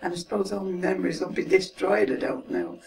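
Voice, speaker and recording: A very animated Mancunian woman in her seventies talks quickly in a lowish, gravelly voice while reminiscing about her life for an interview. Originally from Manchester, England, she's chatty, laughs often and lets her words soften and fade. Expect hiss and a distant mic from this home recording.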